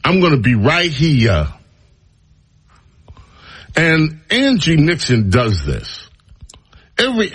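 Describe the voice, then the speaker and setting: A man's voice: a little high, fairly bright tone, breathy edge. A man hosting a talk radio show, speaking in a sarcastic, mocking monologue full of rambling asides.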